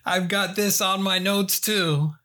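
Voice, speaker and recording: A man co-hosting a film podcast, relaxed and laughing, swearing casually as he talks. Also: high voice, slow. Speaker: podcast co-host. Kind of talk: casual film review chat.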